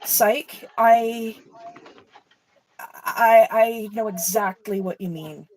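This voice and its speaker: A woman's voice: a little high, extremely slow, a little mellow, low-quality recording. Heartfelt woman chatting while painting. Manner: emotional, heartfelt, swears casually. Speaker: co-host of an art stream. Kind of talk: casual chat while painting.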